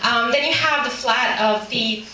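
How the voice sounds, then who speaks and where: A woman from Canada with a Canadian accent, telling humorous personal stories in a lively way and laughing often. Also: fairly high pitch, measured pace, soft background music. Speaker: storyteller. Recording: echoey room from far off with noise.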